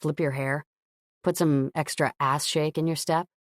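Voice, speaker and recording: A man's voice: on the high side, steady tone, unhurried, no echo, studio quality, pitched below the performer's own voice, close to an everyday voice. A woman voicing a cocky male rock star who teases and gives orders. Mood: coaxing. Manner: teasing, commanding.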